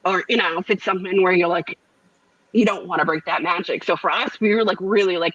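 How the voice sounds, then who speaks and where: A woman guest telling a lively story in casual chat, acting out quotes with laughs. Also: lowish voice, a little fast, no echo, dull audio.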